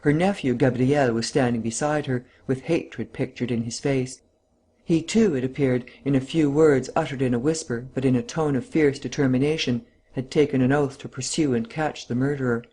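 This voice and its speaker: A man narrating a classic novel as an audiobook, in steady storytelling. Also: mid-range voice, moderate pace, husky. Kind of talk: scripted narration.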